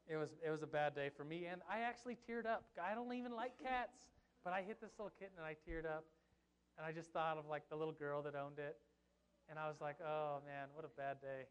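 A young man preaching a sermon as pastor, telling a Bible story in an animated, joking way with asides to his congregation. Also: a little high.

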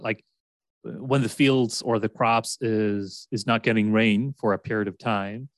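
The voice is a man's, fairly low and steady, moving at a moderate pace with no echo. A Swedish co-host with a matching accent, he keeps the podcast chat loose and rambling, often laughing and beginning sentences again.

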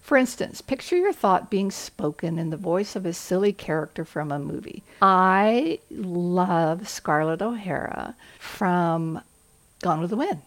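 A woman's voice: on the low side, expressive, measured pace. A woman from the American South, hosting a motivational podcast for school leaders in an earnest, coaching manner.

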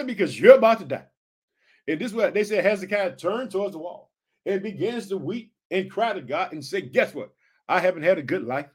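Preacher guy, kinda high voice, fired up, keeps asking the church if they heard him. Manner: fervent, repetitive call-and-response preaching. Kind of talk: sermon.

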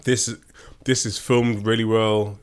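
A man's voice: on the low side, level tone, slow. A man co-hosting a podcast in casual chat, playful and rambling, often restarting his sentences. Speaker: podcast co-host.

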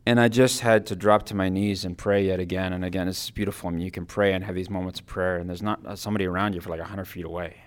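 A man giving a personal devotional talk, earnest and reflective, his phrases often trailing off softly. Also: low voice, steady tone, fast, hardly any pauses. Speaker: Christian speaker giving a Lenten reflection.

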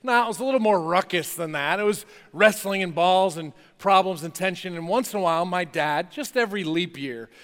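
Man, pastor, sermon, fairly high voice, chatty and playful, long echo of a church hall. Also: a little fast, hardly any pauses. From North New Jersey. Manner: conversational, lively, playful asides. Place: church chapel.

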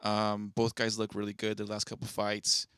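A man's voice: lowish voice, completely flat delivery, normal speed, a bit bright, smooth. A man co-hosting a podcast in casual chat, laid-back as he runs through the upcoming fights. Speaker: podcast co-host.

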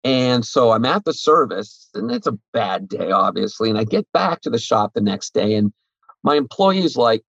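A man's voice: medium pitch, big pitch swings, normal speed, creaky, fairly bright tone, husky, dry recording, highs cut off. A man who runs a sports card shop, talking bluntly and animatedly in a casual podcast interview, swearing freely.

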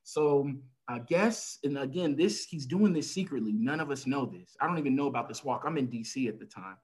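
A man talking as a podcast guest and caregiver, telling a family story in a relaxed conversational way, with lots of "you know" and acted-out lines from family members. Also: mid-range voice, a little fast, poor audio. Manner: frequent "you know" fillers. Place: lives in El Paso, Texas.

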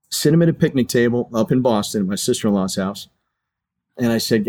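A man's voice: mid-range voice, fast, darkish tone. Earnest middle-aged man telling his story. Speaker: guest, retired fighter pilot and chaplain. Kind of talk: personal storytelling in an interview.

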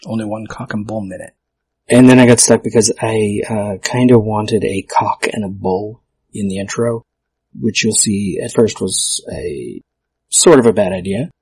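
Gravelly, husky man hosting a podcast. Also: on the low side, unhurried, darkish tone, no room sound. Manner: self-mocking, stumbles over words. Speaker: podcast host. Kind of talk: casual solo podcast talk.

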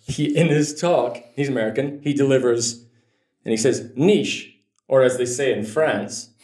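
Man, interview guest, blunt, joking, swears, mid pitch, roomy echo. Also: moderate pace, a little mellow. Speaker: guest, conversion optimization expert. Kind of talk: casual interview chat.

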